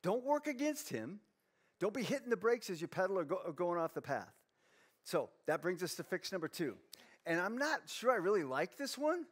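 A pastor with a noticeably high voice gives a lighthearted sermon. He teases himself, reads Bible verses aloud, and moves easily between jokes and earnest teaching. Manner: playful, self-mocking, reads scripture aloud. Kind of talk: humorous sermon.

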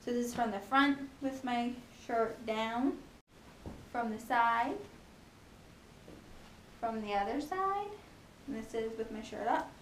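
A young woman in a casual home vlog, talking fast and chattily about her pregnancy, with lots of ums and likes. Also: fairly high pitch, a little hiss or hum. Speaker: pregnancy vlogger. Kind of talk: casual chat.

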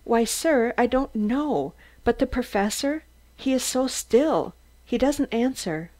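Audiobook figure: woman reading an anxious young valet, stammering, pitched a little high. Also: expressive, slow, darkish tone, no room sound. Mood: nervous. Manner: stammers, hesitant.

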